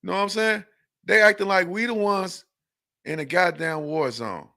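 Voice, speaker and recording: A man's voice: sits high, moderate pace, gravelly, pushed and bright. A man hosting a news podcast, rambling and profane, tacking "man" onto nearly every sentence. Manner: acts out an angry exchange in a raised voice. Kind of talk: loose profane news commentary.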